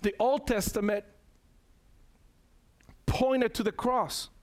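High-voiced man preaching a sermon. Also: fairly even intonation, slow. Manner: emphatic, calls to the congregation, repeats phrases.

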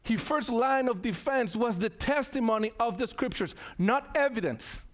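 Preacher, man, high-pitched, emphatic sermon delivery, repeats lines for emphasis. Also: expressive, moderate pace, a bit bright. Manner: emphatic, calls to the congregation, repeats phrases.

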